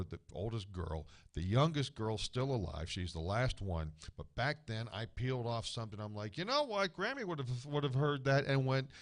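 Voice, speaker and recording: A middle-aged man, a guest on a radio show, telling family stories in a rambling, casual way with many restarts. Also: on the low side.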